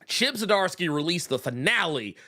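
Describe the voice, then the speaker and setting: A man co-hosting a casual comic book talk show, animated and swearing freely, with loud laughs between points. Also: sits high, normal speed. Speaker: podcast co-host.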